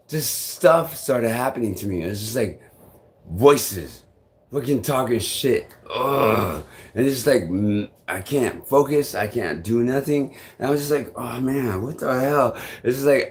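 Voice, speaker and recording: A young man talking on a live stream in a loose, rambling way, full of fillers and swearing. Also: mid-range voice. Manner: rambling, halting, swears often, many fillers.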